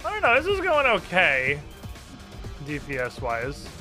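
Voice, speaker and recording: A man streaming a game, chatting casually and excitably, swearing now and then. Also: on the high side, measured pace, faint music behind. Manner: excitable, swears casually, baby-talks to a puppy.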